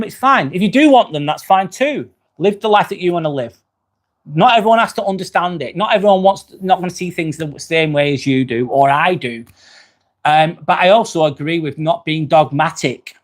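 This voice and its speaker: A man with an English accent hosting a casual live stream, chatting loosely, reading viewer comments aloud and dropping in the odd swear word. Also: a little high. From England. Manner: chatty and relaxed, with frequent ums and casual swearing. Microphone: phone.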